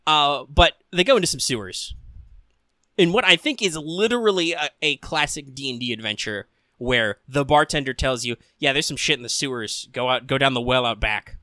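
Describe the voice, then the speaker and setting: A young man rambles through a casual podcast chat, cursing freely and dropping deadpan quotes. His voice is bright and sits at an ordinary pitch. The sound is dry and close. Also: moderate pace, no echo. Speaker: podcast co-host. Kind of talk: casual anime discussion.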